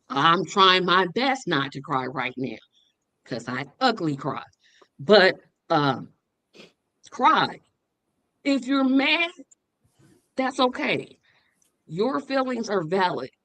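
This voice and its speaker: A woman's voice: medium pitch, fairly bright tone, no room sound, poor audio. A woman giving an earnest, faith-filled memorial tribute over a video call, with a touch of humor. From living in Indianapolis. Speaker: memorial speaker.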